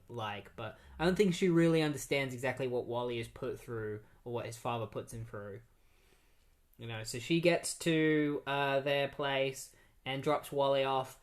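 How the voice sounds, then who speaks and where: A man casually recapping comic issues on a podcast, rambling with many fillers and restarts. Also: mid-range voice. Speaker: podcast host.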